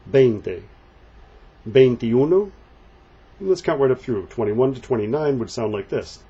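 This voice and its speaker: Man slowly teaching Spanish numbers. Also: mid-range voice, expressive, mellow, husky. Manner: slow deliberate counting and drilling. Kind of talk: textbook walkthrough lesson. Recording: dull lo-fi home recording.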